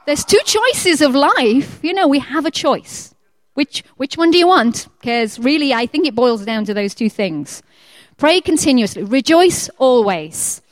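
A woman preaching a sermon, lively and conversational, who acts out the prayers of the people she talks about. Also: high-pitched, a little slow, no room sound. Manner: lively, acts out quoted prayers in changing voices.

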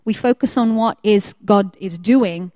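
A woman preaching a sermon, lively and conversational, who acts out the prayers of the people she talks about. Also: mid-range voice, a little slow, no room sound. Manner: lively, acts out quoted prayers in changing voices.

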